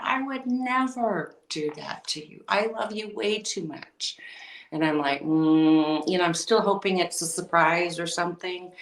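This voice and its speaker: A woman's voice: on the low side, fairly bright tone, echoey room, far from the mic, low-quality recording. A woman as a podcast guest, telling an emotional personal story and acting out remembered conversations. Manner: emotional, recounting with quoted dialogue.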